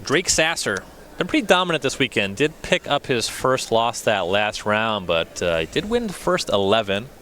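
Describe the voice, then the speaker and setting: A man's voice: mid-range voice, very animated, normal speed, bright, forceful tone, a little hiss or hum. A man doing live card game commentary with dry, teasing banter.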